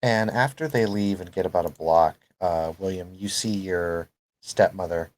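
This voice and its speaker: A man narrating as game master of a tabletop role-playing game, relaxed and easygoing. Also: low-pitched, moderate pace.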